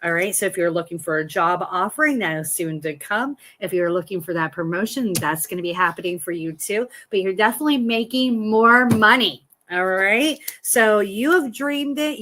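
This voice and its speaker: A woman's voice: mid-range voice, sharp tone. A woman hosting a live tarot reading from home, talking in a chatty, encouraging and reassuring way. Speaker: tarot reader.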